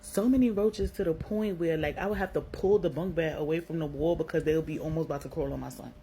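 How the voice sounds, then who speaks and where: A woman's voice: low-pitched, fast, dark tone, slight background noise, low-quality recording. A young woman from Brooklyn with a New York accent, telling a personal story in a candid, slangy way, swearing freely and filling her talk with "like.". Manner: blunt, slangy, swears freely, lots of "like" fillers.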